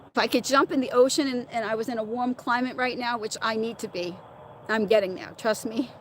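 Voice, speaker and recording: A middle-aged woman hosts a relaxed livestream, talking straight to her viewers and laughing often. Her voice sits a little high for a woman, and a faint hum of noise runs underneath. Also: fairly quick. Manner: chatty, laughs often, talks back to commenters by name. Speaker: livestream host reading viewer chat. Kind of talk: casual livestream chat.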